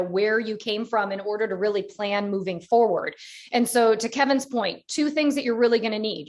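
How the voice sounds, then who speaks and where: A woman teaching a business-planning session, walking listeners through each step in an encouraging, conversational way. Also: mid-range voice. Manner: encouraging, explains step by step with many "you know"s. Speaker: real estate business coach. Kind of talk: instructional webinar talk.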